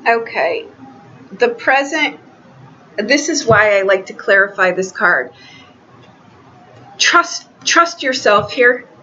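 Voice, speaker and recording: Bright-voiced woman reading tarot. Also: medium pitch, lively intonation, dull audio, a little hiss or hum. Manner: chatty, halting, many restarts. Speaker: tarot reader.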